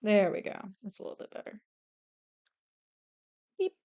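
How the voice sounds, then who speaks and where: A young woman streamer chatting casually while she draws, excitable and swearing freely. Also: moderate pace, highs cut off. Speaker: artist streamer. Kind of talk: casual chat while drawing.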